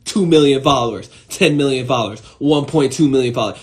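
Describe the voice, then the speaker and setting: A young man with a lively, swinging voice giving a casual motivational monologue on a live stream, cursing freely and jumping from loud outbursts to low muttering. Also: a little fast. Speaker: host of an Instagram live stream.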